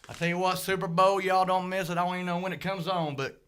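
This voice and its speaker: Folksy high-voiced radio host. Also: male voice, level tone, fast talker, a bit bright, clear, resonant tone. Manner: joking, folksy, rambling. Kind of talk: casual radio chat. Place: recording studio.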